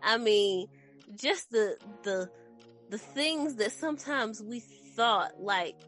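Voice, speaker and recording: Woman co-host, high voice that swoops around a lot, playful and teasing banter. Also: animated, takes it slowly, fairly bright tone, soft background music. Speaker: podcast co-host. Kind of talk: casual chat.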